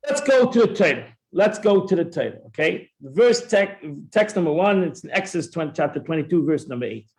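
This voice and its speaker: Animated high-voiced man teaching Torah. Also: brisk. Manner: animated, acts out both sides of a dispute; repeats words and restarts often. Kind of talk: classroom Talmud lesson.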